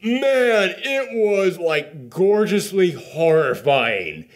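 Animated man recapping a movie. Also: high-pitched, drawn-out words. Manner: animated storytelling, many "like" fillers. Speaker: movie reviewer host. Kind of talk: casual spoiler review chat.

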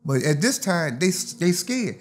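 Man, guest telling a street story in lively voice, slightly high pitch. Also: measured pace. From Detroit, USA. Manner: animated, acts out others' lines. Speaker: interview guest. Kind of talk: casual storytelling.

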